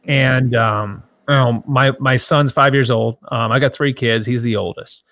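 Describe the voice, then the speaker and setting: A man in his thirties, a sports journalist who grew up near Boston, answering interview questions in a halting way with many restarts and fillers. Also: medium pitch, steady tone, a bit bright, dry recording. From grew up in the Boston area.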